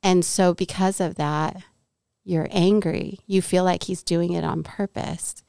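A middle-aged woman from Southern California tells a personal faith story with an animated delivery, acting out the lines of the people in it. Her voice is smooth and clear, and the room sounds dry and close. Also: on the low side, measured pace, no echo. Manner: animated storyteller, acts out quoted dialogue. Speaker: podcast guest.

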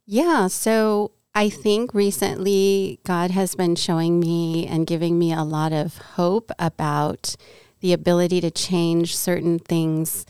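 Appearing as a podcast guest, a middle-aged Southern California woman recounts a personal faith story with animated energy, performing the lines of each person involved. Her lowish voice is smooth and clear and moves slowly. The room is dry and close, with no echo.

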